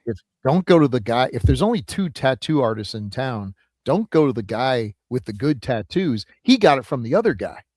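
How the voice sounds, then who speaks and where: A man's voice: mid-range voice, very animated, moderate pace, hardly any pauses, darkish tone, no room sound. A middle-aged man co-hosting a film podcast, chatting casually with wry, rambling humor. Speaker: podcast co-host. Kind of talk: casual movie review chat.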